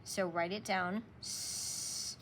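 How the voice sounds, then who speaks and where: A woman teacher giving a slow, patient spelling lesson, sounding out words for young students. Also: fairly low pitch, a little hiss or hum.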